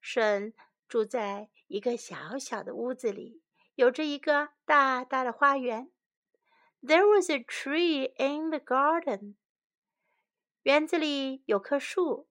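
A woman reading a children's story bilingually, line by line, in a clear and gentle way. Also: high voice, slow pace.

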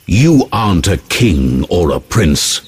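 A man playing Prospero, a stern, controlling old magician and father, in slow, commanding tones. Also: deep voice, big pitch swings, a little mellow, breathy edge, no room sound, full character voice. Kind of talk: storybook reading.

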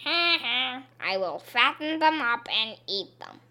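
A woman voicing a wicked, greedy old witch in a storybook reading, drawing her words out slowly. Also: on the high side, very animated, sharp tone, exaggerated voice. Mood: menacing.

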